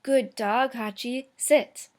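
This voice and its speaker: A woman voicing a kind, gentle older male professor who talks fondly and patiently to his puppy. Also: fairly high pitch, fairly even intonation, takes it slowly. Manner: patient, fond commands to a puppy.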